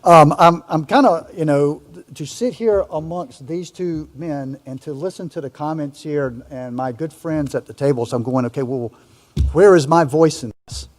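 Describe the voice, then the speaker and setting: A man's voice: fairly high pitch, moderate pace, hardly any pauses, in a large hall. An older man speaking as a panelist in a discussion, earnest and reflective, often restarting his sentences.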